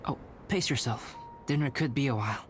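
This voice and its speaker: A man voicing a calm, polite young alchemist in a video game, soft-spoken and measured. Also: mid-range voice, noisy background, lightly acted. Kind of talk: game voice acting.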